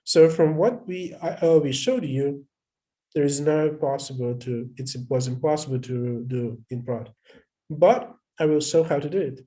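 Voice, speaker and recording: At a moderate pace and in a warm, slightly high voice, a male instructor runs a live online lecture with screen sharing. He comes across as hesitant on the video call, thinking aloud and frequently pausing or beginning again.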